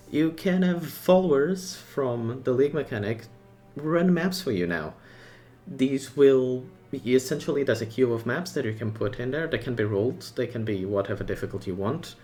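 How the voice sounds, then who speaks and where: A gaming content creator with a medium-pitched voice comments casually on a game update at a moderate pace over soft background music. He speaks in short, excited bursts, adding his own opinions and asides.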